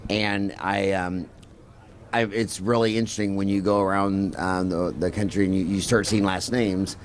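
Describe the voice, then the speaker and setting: A man's voice: sits low, fairly even intonation, moderate pace. A man hosting a casual interview, rambling and asking curious questions. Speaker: podcast host.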